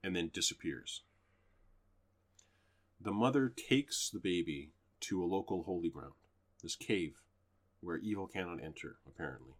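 A man with a very low, deep voice talks in a loose, rambling way, reviewing movies with a co-host. He retells plots with plenty of fillers and the occasional swear. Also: animated, measured pace, pauses often. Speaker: podcast co-host. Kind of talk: casual chat reviewing movies.

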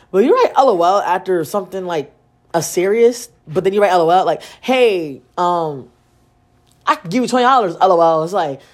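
Profane, animated young woman storyteller. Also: mid-range voice. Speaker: podcast host. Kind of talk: casual solo storytelling.

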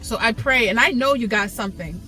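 Bright-voiced woman pleading earnestly. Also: a little high, brisk, soft background music. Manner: earnest, pleading, repeats words for emphasis. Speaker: Christian video teacher. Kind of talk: passionate devotional talk to camera.

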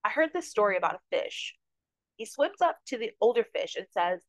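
A woman's voice: mid-range voice, sing-song, moderate pace, dry recording, poor audio. A woman hosting a podcast, talking earnestly and a bit rambling about her spiritual life. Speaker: podcast host. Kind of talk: casual spiritual talk.

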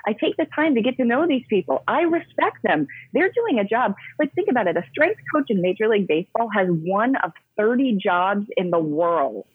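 A woman's voice: medium pitch, very animated, moderate pace, few pauses, husky, dry recording. A woman, a yoga coach who works with professional athletes, telling stories as an interview guest in an emphatic, chatty way, with many fillers and restarts. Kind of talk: casual interview storytelling. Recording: dry, phone-like narrow sound.

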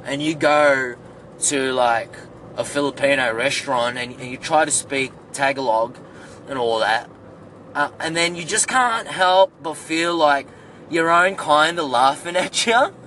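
A man's voice: fairly high pitch, measured pace, pushed and bright, slight background noise. A man with an Australian accent putting on a rambling young Filipino Australian man in a comedic monologue, full of fillers and restarts. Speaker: comedy character.

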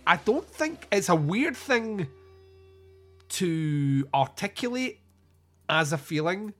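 A man's voice: on the high side, a bit bright. A Scottish man from Scotland chatting casually about films, rambling through anecdotes and swearing freely.

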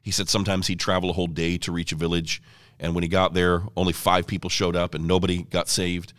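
Man, very low voice, dry close sound, earnest evangelist storyteller. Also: flat delivery, quick pace, fairly bright tone, no room sound. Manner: earnest, fluent storyteller who quotes others. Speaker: evangelist guest. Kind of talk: conversational interview storytelling. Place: ministry headquarters office.

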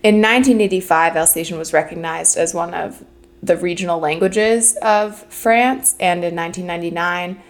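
Low, gravelly woman co-hosting a chat. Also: normal speed. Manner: chatty, many fillers like "like" and "um". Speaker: podcast co-host. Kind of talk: casual chat.

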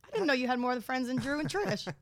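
A woman co-hosting a casual podcast, teasing her partner with a sassy edge. Her slightly high voice moves around a lot in pitch. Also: lively intonation, quick pace. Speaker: podcast co-host. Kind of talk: casual chat.

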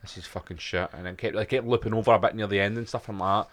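A man's voice: on the low side, steady tone, very fast. A man with a Scottish accent, co-hosting a podcast in laid-back, sweary casual chat. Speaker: podcast co-host.

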